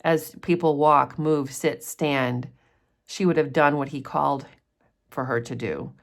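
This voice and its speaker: A woman with a deep voice and a measured pace acts as a literature teacher, chatting her way through a novel's chapters in a casual summary lesson. She explains as she goes, with frequent ums.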